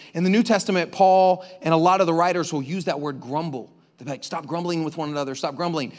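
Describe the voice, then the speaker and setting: A male pastor preaching a sermon in an energetic, conversational way, calling out to the congregation. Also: sits high. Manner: energetic, conversational preaching with crowd call-outs. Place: church auditorium. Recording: preached in a reverberant hall.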